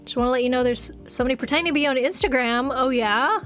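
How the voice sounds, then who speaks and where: Giggly high-voiced woman streamer. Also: fast talker, soft background music. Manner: giggly, easily excited, reads chat aloud. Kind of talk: casual chat stream. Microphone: desk microphone.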